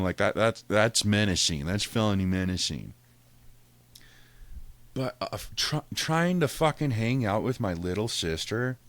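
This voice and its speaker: Young man, casual storyteller, profane and laughing, lowish voice, dry close sound. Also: dry recording. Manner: profane, animated, laughs often while talking.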